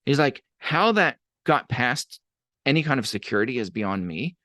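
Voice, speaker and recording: A man's voice: mid-range voice, moderate pace, dry recording, clean studio sound. A man, a podcast guest, telling stories in casual conversation and acting out the voices of people he quotes. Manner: animated, acts out quoted voices. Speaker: podcast guest, abuse advocate.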